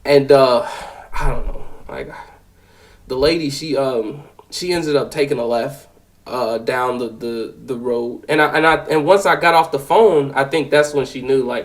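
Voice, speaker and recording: A young man in his twenties telling a personal story, animated and profane, with lots of fillers. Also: mid-range voice, normal speed, poor audio. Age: 20s. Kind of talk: casual spoken storytelling.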